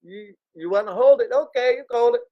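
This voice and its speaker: A man doing an eager high-pitched young guy. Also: fairly quick, highs cut off. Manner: eager, repetitive.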